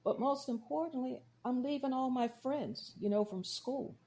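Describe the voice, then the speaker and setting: A woman's voice: sits high, normal speed, mellow, a little hiss or hum. A woman from Georgia with a Midwestern accent, a podcast guest and deacon sharing her personal testimony, telling stories and acting out the dialogue. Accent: Midwestern American. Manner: storytelling, acts out quoted dialogue.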